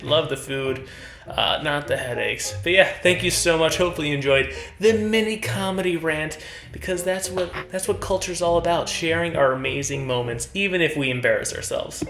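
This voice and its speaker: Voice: mid-range voice, reverberant. A stand-up comedian doing a comedy rant, acting out his relatives in raised voices. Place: college event stage.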